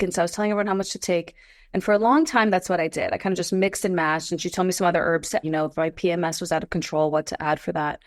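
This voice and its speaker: A woman in her forties, a podcast guest, telling her story in a casual interview, animated and climbing into high exclamations. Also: very fast, no room sound, studio quality. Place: Los Angeles.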